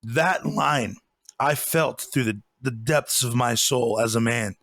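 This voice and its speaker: A man's voice: medium pitch, takes it slowly, creaky, fairly bright tone, dry recording. A man co-hosting a podcast, chatting casually about a movie, rambling and laughing as he retells scenes. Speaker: podcast co-host. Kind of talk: casual movie review chat.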